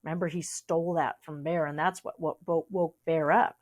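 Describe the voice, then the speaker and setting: A woman's voice: low-pitched, steady tone, normal speed, darkish tone. A young adult woman reading a storybook aloud, with chatty asides to young listeners. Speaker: reader.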